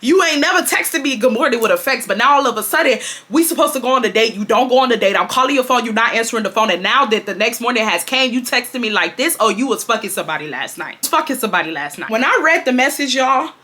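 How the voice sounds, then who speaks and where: Dramatic bright-voiced young woman storyteller. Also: a little high, quick pace, hardly any pauses. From Houston, Texas. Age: 20s. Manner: dramatic, animated, swears freely, addresses viewers as y'all. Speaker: storytime vlogger. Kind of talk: casual storytelling to camera.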